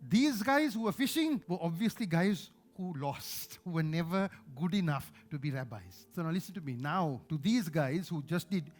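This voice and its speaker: A man with a Sri Lankan accent preaching a sermon as pastor, passionate, swinging between loud emphasis and hushed asides. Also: on the high side, lively intonation, moderate pace, hardly any pauses.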